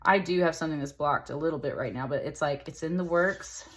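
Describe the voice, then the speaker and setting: Low-voiced woman chatting through a tarot reading. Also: quick pace, a bit bright. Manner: chatty and rambling, full of "like" and "um". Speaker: tarot reader. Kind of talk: casual spoken tarot reading.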